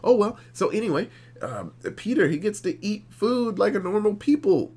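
A man co-hosting a podcast, recapping a horror movie in animated, profane, casual storytelling. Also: sits high, moderate pace, breathy edge. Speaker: podcast co-host. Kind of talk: casual movie review chat.

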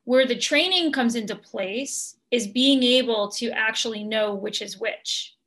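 Woman coach, interview guest; unhurried, gentle, earnest delivery with frequent ums. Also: fairly high pitch. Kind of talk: podcast interview answer.

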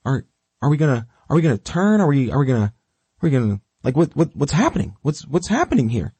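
A man's voice: medium pitch, very animated, quick pace, warm tone, slightly rough, no echo. A man voicing an eager pet dog that blurts breathless, repeated exclamations. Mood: puzzled. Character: eager excitable pet dog, young, attentive.

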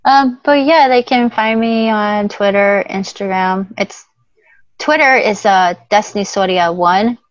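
A woman's voice: medium pitch, a little slow, no room sound, lo-fi sound. A young woman in a casual chat as a guest, talking in a rambling way and laughing often.

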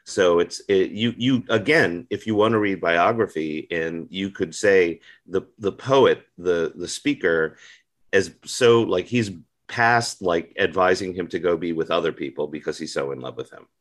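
A man with a very low voice, talking through ideas in a relaxed literary chat. He often restarts his sentences and adds asides as he works out what he thinks. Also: a little slow. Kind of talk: casual literary discussion.

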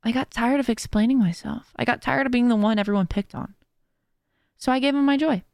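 A woman's voice: fairly high pitch, brisk, darkish tone, no room sound, clean studio sound. A woman hosting her own podcast, talking in a casual, heartfelt way and giving earnest, faith-driven encouragement. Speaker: podcast host and streamer. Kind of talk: casual motivational podcast monologue.

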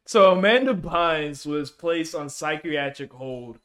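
A man hosting a casual panel chat, laid-back and drawn-out, laughing often as he leads the topic. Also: a little high, animated, a bit bright. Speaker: podcast host.

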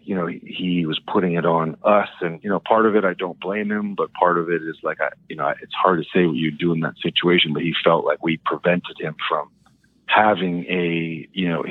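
A man with a deep, low voice calls in to a talk show and tells his story haltingly, stopping and restarting with plenty of fillers. His voice comes through a narrow, tinny phone line with a dry sound and no room around it. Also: no room sound. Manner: hesitant, rambling with many fillers and restarts. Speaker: caller. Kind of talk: telling a personal story on a call-in show.

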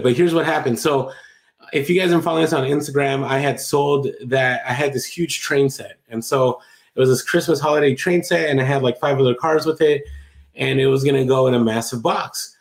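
A man's voice: mid-range voice, echoey room. A man co-hosting a casual podcast chat, rambling and correcting himself as he goes. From Latin America. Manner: rambling, self-correcting, chatty. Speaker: podcast co-host. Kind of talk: casual chat about online selling.

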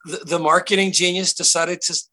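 A man's voice: high voice, little pitch movement, a little fast, bright, forceful tone. A middle-aged man, an actor guest, telling stories in a casual interview with many restarts and fillers.

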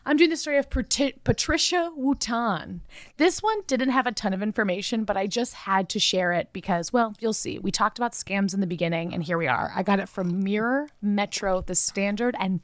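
An American woman co-hosts a podcast, telling a story playfully and jokingly in casual chat. Her voice is mid-range at a normal speed, and the recording is dry.

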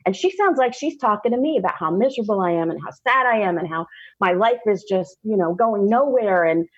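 A woman, a podcast guest telling a personal story candidly, laughing often and slowing down for emphasis. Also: mid-range voice, lively intonation, breathy edge, highs cut off.

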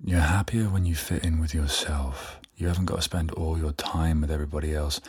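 A man's voice: rumbling low, fairly even intonation, fairly quick, a little mellow, husky, no room sound, studio quality. A young man hosting a solo podcast, rambling candidly and poking fun at himself. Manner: rambling, self-deprecating, candid. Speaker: podcast host. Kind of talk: casual solo podcast chat.

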